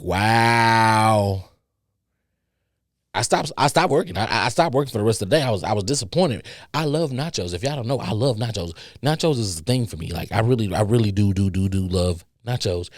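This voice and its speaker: A podcast host tells a story in casual chat, rambling and repeating himself, with stutters, restarts and free swearing. His voice is fairly low. The studio-quality recording has no room sound.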